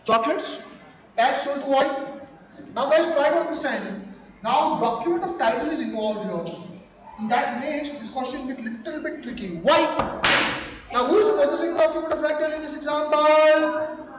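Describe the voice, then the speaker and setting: A man's voice: very high voice, normal speed, slight background noise. A man with an Indian accent lecturing on law, slipping into Hindi phrases and quizzing his students again and again. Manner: mixes Hindi phrases, keeps quizzing the class. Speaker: law teacher. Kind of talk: classroom lecture. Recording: echoey hall with a class around him.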